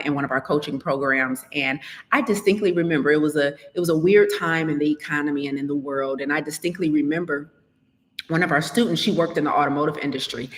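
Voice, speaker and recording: A woman coach gives a live podcast keynote in a chatty, conversational way and talks straight to her listeners. Her voice sits fairly low, and a long reverb trails behind it. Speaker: health and business coach, podcast host.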